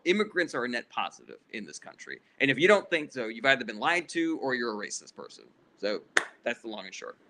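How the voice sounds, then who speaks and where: Male livestream host, bright forceful tone, casual profane rants. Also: mid-range voice. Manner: heated, profane, blunt political ranting. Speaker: livestream host answering chat questions.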